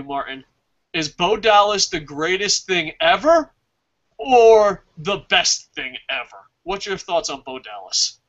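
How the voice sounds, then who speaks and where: A man hosting a casual wrestling review podcast, talking excitably with lots of swearing and reading out live chat comments. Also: sits high. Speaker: podcast host. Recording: dull lo-fi podcast audio.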